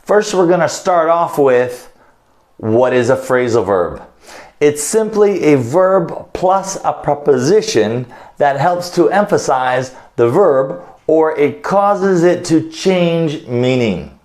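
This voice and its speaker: An English teacher from the United States, speaking with an American accent, teaches phrasal verbs in a video lesson, explaining each one and acting out short phone calls. His voice is a little high and darkish in tone, with lively intonation and a slow pace. He switches back and forth between English and Portuguese explanations.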